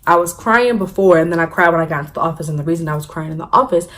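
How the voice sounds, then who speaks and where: Young woman, vlogger, low-ish voice, animated storyteller who laughs at her own jokes. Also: very fast. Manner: animated, laughing, acts out quotes. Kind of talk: story time vlog.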